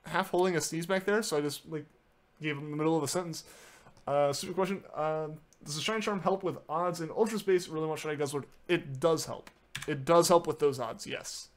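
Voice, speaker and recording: A man streaming a game, chatting casually and answering viewer messages, often using filler words and restarting his sentences. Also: on the high side. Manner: filler-heavy, many "like"s and restarts. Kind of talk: casual live-stream chat.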